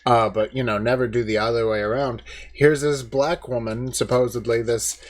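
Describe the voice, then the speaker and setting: A man rants his way through commentary in a casual, mocking, indignant manner, padding his speech with fillers. His voice sits at an ordinary middle pitch. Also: steady tone, moderate pace. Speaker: commentary video host.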